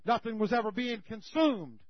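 Preacher, high voice, folksy storytelling, dry muffled sound. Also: male voice, moderate pace, no room sound. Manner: folksy, animated retelling. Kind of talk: sermon storytelling. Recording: slightly muffled recording.

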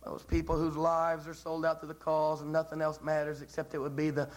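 Male preacher, high tenor voice, fervent and repetitive delivery, sermon style. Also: completely flat delivery, fairly quick, low-quality recording. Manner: impassioned, repetitive, with dramatic rises.

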